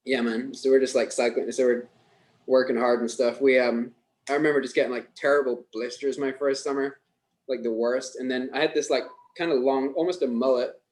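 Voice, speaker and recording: A man in his thirties with a Scottish accent, a guest on a podcast, telling stories in relaxed casual chat with frequent chuckles. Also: medium pitch, fairly quick, poor audio. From Scotland.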